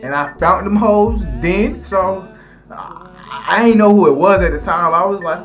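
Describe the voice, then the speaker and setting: A man's voice: high voice, unhurried, muffled recording, soft background music. A young man rambling through a slangy, profane story, full of restarts and asides to his viewers. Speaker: storytelling vlogger.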